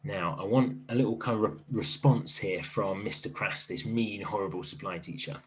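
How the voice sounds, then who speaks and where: A man teaching an online primary literacy lesson in a gentle, encouraging way, thinking aloud as he writes. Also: fairly low pitch, moderate pace.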